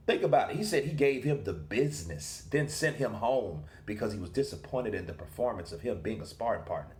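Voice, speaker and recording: Animated man doing boxing commentary. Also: lowish voice, fairly quick, echoey room. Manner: animated and rhetorical, asks questions and answers them himself. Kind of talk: casual commentary monologue.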